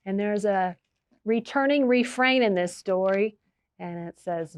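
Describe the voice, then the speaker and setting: A children's librarian reads a picture book aloud in a mid-range, unhurried voice. She tells the story expressively and stops to ask her listeners questions along the way.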